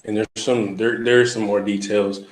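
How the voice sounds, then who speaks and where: A man hosting and interpreting a dream in a measured, halting, explanatory way. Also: fairly low pitch, level tone, reverberant. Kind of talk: spiritual interpretation chat.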